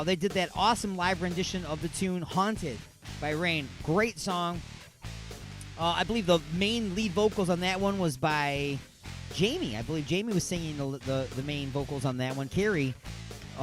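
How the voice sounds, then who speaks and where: A man's voice: sits high, a bit bright. Rambling upbeat radio host, man. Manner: rambling, self-interrupting, upbeat. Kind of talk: casual radio chat with live ad reads.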